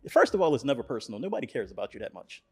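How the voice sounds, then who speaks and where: A man's voice: medium pitch, very animated, rapid-fire, darkish tone, slightly rough. A man who is a guest on a business podcast, talking in an emphatic, preachy way and often tagging his points with "all right?". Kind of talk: casual podcast conversation.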